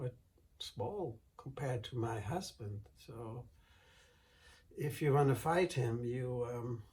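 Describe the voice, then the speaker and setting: A man voicing a crafty giant's wife in a high, sing-song falsetto, coaxing and falsely polite. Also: a little mellow.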